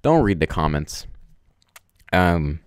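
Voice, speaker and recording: A man hosts a relaxed live stream, talking in a loose, rambling way full of "um" and "like". His voice sits on the low side but swings a lot in pitch. The sound is dry, with no room echo. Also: takes it slowly, smooth. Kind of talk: casual live-stream chat.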